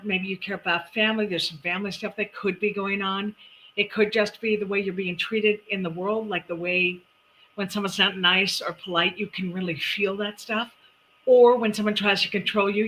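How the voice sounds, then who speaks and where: Middle-aged woman host, bright and upbeat, chatty live-stream delivery. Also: mid-range voice, fairly even intonation, moderate pace, slight background noise, rough recording. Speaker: numerologist host. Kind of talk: live-stream chat and readings.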